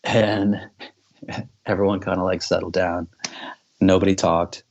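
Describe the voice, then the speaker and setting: A man with a very low, gravelly voice and a husky edge tells a story as a podcast guest. He rambles loosely, leans on filler words and swears freely. The recording sounds dull and lo-fi. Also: little pitch movement, a little slow, a little mellow. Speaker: podcast guest, band member. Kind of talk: casual storytelling.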